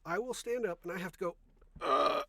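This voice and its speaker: A man's voice: high voice, very fast, no room sound. A young man hosting a podcast, chatting casually in a rambling way, often correcting himself mid-sentence. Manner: rambling, self-correcting, soft-spoken. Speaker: podcast host. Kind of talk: casual chat.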